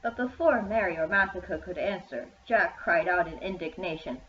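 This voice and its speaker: A woman's voice: on the low side, moderate pace, a little hiss or hum. A woman reading her own children's story aloud in a plain manner. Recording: echoey room, dull lo-fi sound.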